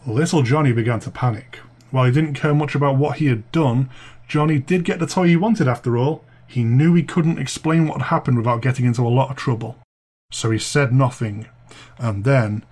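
A man's voice: medium pitch, normal speed, a little mellow. A man hosting a podcast, narrating a spooky childhood tale with a chatty, dryly amused manner. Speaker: podcast host and storyteller.

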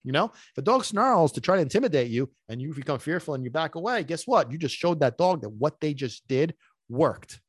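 A man's voice: on the high side, expressive, fairly quick, breathy edge, dry recording, studio quality. A middle-aged man, a dog trainer hosting his podcast in casual talk, emphatic and repetitive, often asking whether listeners follow him.

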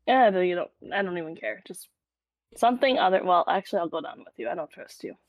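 A woman's voice: on the low side, animated, fast, no echo, muffled recording. A woman playing a tabletop role-playing game, blunt and teasing. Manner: blunt, teasing, matter-of-fact. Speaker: player.

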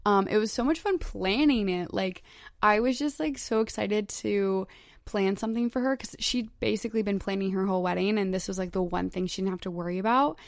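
A woman's voice: mid-range voice, fairly quick, creaky, no room sound, studio quality. A young woman in her twenties hosting a solo podcast, chatting casually and gushing, with "like" in nearly every phrase. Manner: chatty, heavy use of "like", gushing. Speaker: podcast host.

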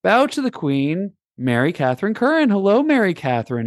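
A man's voice: high voice, wildly swooping pitch, fairly quick, dry recording, studio quality. A man hosting a casual podcast, playful and rambling, with many fillers. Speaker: podcast host. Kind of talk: casual chat.

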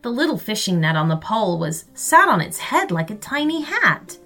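A woman narrating a children's story in an expressive way. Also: mid-range voice, normal speed, faint music behind. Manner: expressive and lively.

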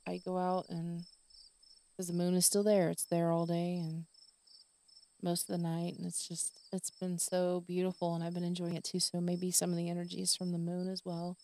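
A woman in her forties hosting a solo podcast, talking in a rambling, chatty way about her week, with soft laughs. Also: lowish voice, completely flat delivery, normal speed. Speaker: podcast host. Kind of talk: casual solo podcast chat.

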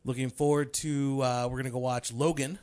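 A man's voice: medium pitch, level tone, brisk, a little mellow. A man co-hosting a podcast, teasing his partner with dry humor in casual banter. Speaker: podcast co-host.

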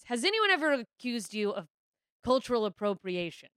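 A woman's voice: fairly high pitch, sing-song, fairly quick, a bit bright, smooth, no echo, studio quality. A woman hosting a podcast, chatting casually and asking questions in a joking, teasing manner. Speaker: podcast host. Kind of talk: casual chat.

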